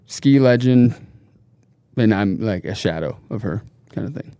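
Guest, male, raised between Norway and the US, gravelly, loose storyteller who swears. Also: fairly low pitch, unhurried, no echo, clean studio sound. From Norway and the United States. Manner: animated storyteller, laughs often, swears casually. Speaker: podcast guest. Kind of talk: casual chat.

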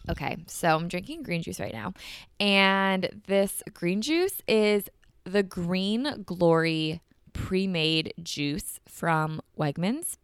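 A woman's voice: lowish voice, expressive, slow pace, clean tone, dry recording, studio quality. A young woman hosting a casual solo podcast, gushing and chatty with lots of "like", sounding a little congested from allergies. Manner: bubbly, gushing, heavy use of "like". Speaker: podcast host.

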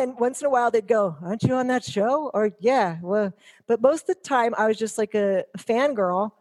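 Animated, rambling woman guest. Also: on the high side, brisk. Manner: animated, rambling storyteller, playful teasing. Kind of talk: casual chat.

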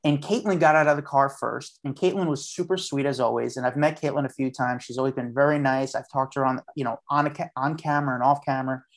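A man's voice: medium pitch, fairly even intonation, fast talker, few pauses. A man as a podcast guest, a street journalist telling a story in a chatty way and acting out what he said at the time. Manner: chatty, acts out his own past lines. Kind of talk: casual storytelling.

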